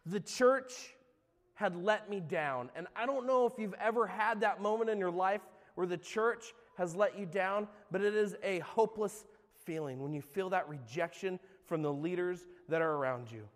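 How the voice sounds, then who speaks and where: Male pastor, middle-aged, high voice; confessional sermon testimony, loud to hushed, church-hall reverb. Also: normal speed. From California. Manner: earnest, confessional, swings between loud and hushed. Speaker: guest speaker, former youth pastor.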